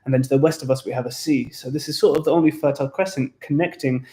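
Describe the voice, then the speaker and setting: A man's voice: mid-range voice, steady tone, fast, mellow. British man explaining history casually. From England. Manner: explanatory, rambling, with restarts. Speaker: tour guide. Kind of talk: casual live stream chat.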